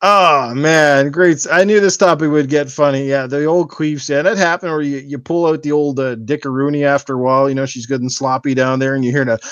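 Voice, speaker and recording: A man's voice: fairly high pitch, fairly even intonation, fairly quick, hardly any pauses, fairly bright tone, clear, resonant tone, no echo. Profane laughing podcast man. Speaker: podcast host. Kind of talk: crude casual podcast chat.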